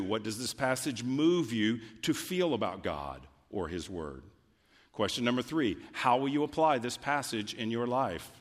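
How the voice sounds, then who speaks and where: Male pastor preaching in a reverberant church. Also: medium pitch. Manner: conversational, emphatic preaching with sudden loud peaks. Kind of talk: sermon. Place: church sanctuary. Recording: long hall reverb from a church.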